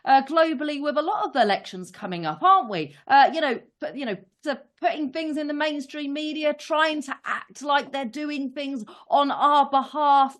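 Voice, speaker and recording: A woman co-hosting a political commentary chat, animated and questioning. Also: high voice, normal speed, hardly any pauses. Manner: animated, questioning, laughs often. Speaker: co-host.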